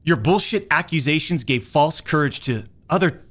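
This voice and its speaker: A man in his forties speaks on a livestream with a slightly high voice that swoops widely in pitch. He is theatrical and confrontational, leaning on drawn-out dramatic pauses. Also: expressive, fairly bright tone. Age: 40s. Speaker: streamer making a statement. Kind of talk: livestream statement.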